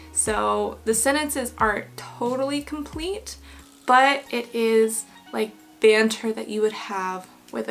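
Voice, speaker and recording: A young woman teaching business English, explaining clearly and reading example emails aloud with patient care. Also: medium pitch, a bit bright. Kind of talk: online lesson explanation.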